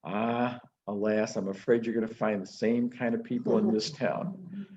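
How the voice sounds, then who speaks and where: A wise old roadside sage speaks gently and knowingly, put on by a man. He answers travelers calmly. The recording sounds a little dull and lo-fi. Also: on the low side, moderate pace, slight background noise, voice pushed down, natural voice. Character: calm wise old male sage by a road.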